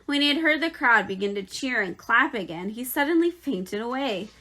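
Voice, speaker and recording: A woman teacher reading a children's novel aloud in an expressive, lively way. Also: on the high side, moderate pace, low-quality recording.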